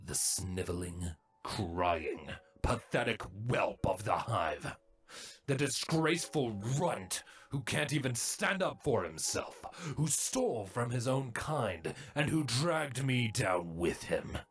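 A man voicing a harsh older male changeling drone, with a sneering, gruff and clipped delivery in a storybook reading. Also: medium pitch, expressive, slow pace, a bit bright, heavily acted. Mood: scornful.

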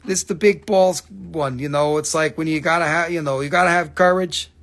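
A man with a slightly high voice hosts a live crystal sale. He rambles along in a loose, joking way, swears freely and keeps calling out to viewers by name. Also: steady tone, a little fast, creaky, fairly bright tone. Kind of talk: casual live sales pitch.

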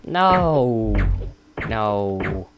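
A young British man casually commentating a game he is playing, excitable and self-mocking, blurting out swears. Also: lowish voice, very slow. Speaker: let's play gamer. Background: game music.

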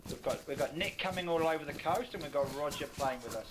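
A man's voice: fairly high pitch, fast. A man with a New Zealand accent joking with his gaming squad, repeating lines and calling everyone mate. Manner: teasing banter, repeats himself, says mate a lot. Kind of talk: casual gaming voice chat. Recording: noisy game voice-chat mic.

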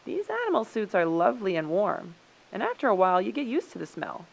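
Woman shouting as a quarrelsome group of people. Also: medium pitch, wildly swooping pitch, fairly quick, vocal fry, heavily acted, rough recording. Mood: stubborn. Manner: shouting, stubborn. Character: quarrelsome group of human beings.

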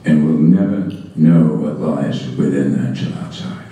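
A man's voice: a bass voice, slow, warm tone, slight background noise. A man giving a talk about education to an audience, telling stories in a wry, amused way, recorded from a distance in an echoey hall. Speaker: education speaker.

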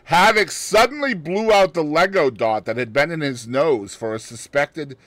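A man's voice: a little high, moderate pace, fairly bright tone, dry recording. A man co-hosting a podcast, reading out a news story in casual chat and adding joking asides with frequent laughter. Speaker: podcast co-host.

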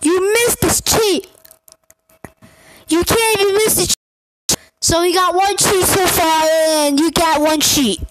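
A woman giving casual gameplay reaction commentary, excitable and blunt, scolding the game and breaking into shouts. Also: extremely high pitch, measured pace, long pauses, a little hiss or hum. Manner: excitable, bursts into shouts and gasps.

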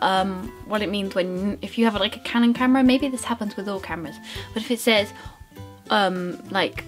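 A young woman talking through her makeup routine in a bubbly, rambling, self-mocking way. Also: medium pitch. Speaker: beauty vlogger. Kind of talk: casual makeup tutorial chat.

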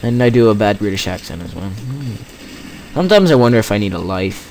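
Lively teenage boy gaming commentator. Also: lowish voice, fairly quick, slight background noise. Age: teens. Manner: rambling, jokey, self-mocking asides. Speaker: let's play gamer. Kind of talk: gameplay commentary.

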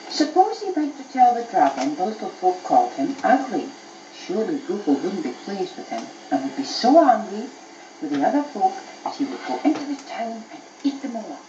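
Mom reading a bedtime story, up and down voice, old echoey tape with hiss. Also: female voice, mid-range voice, muffled recording. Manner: expressive storytelling. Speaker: mother reading to her child.

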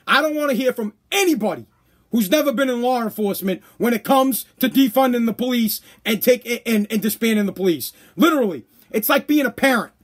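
A man's voice: extremely high pitch, lively intonation, fairly quick. A man hosting a podcast, ranting bluntly and profanely in a casual monologue. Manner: profane, blunt, worked-up rants. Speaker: podcast host.

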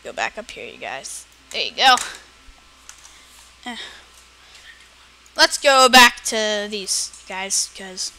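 A woman giving excitable let's play commentary, often yelling at the game. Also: medium pitch, slow, pauses often, slight background noise. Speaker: gamer. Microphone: personal computer mic.

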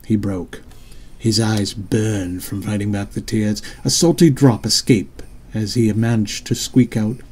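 A man narrating his own audiobook in a measured, descriptive storytelling manner. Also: lowish voice, fairly even intonation, a little mellow, slight background noise. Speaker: author and narrator.

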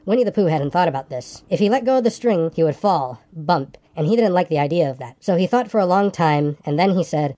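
A woman narrating a storybook reading with a calm, gentle manner. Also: fairly low pitch, fairly quick, hardly any pauses.

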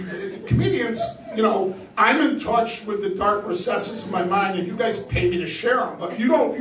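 An older man doing a crude, self-deprecating stand-up set on a comedy club stage. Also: sits high. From New York. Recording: roomy live club sound from a distance. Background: laughing audience.

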